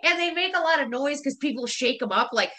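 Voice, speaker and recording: A woman's voice: sits high, a little fast, bright, forceful tone. A woman co-hosting a podcast, ranting casually in an exasperated way, with frequent laughter and swearing. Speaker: podcast co-host. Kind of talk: casual chat.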